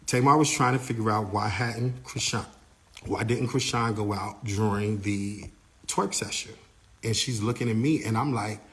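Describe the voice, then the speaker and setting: A man casually recounting a backstage incident, animated and full of fillers, acting out what others said. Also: mid-range voice. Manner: animated, acts out quotes of others; repeats himself, many "like" and "you know" fillers. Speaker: eyewitness telling a backstage story. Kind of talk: casual storytelling.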